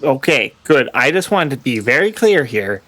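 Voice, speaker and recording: A man playing a tabletop role-playing game, speaking in character in a measured, wry way. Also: medium pitch, sing-song, a bit bright. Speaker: player.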